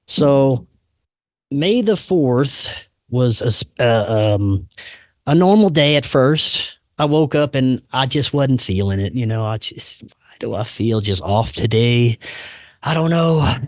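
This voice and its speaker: A man telling a personal story in casual chat, laid-back and saying "man" and "dude" a lot, doing animated voices for the people he quotes. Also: medium pitch, dry recording, clean studio sound.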